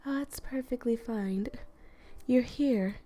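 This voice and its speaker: A woman voicing a soft-spoken, hospitable young village woman in a visual novel, with a smooth, mellow tone. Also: fairly high pitch, slow, voice pushed up. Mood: gentle.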